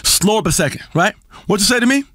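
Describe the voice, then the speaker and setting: An actor playing an erratic, self-important male radio health guru who rambles and swings between crooning and shouting. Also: high voice, expressive, quick pace, slightly rough, no room sound, clean studio sound, full character voice. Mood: aggressive. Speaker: radio health show host. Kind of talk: comedic radio talk show performance.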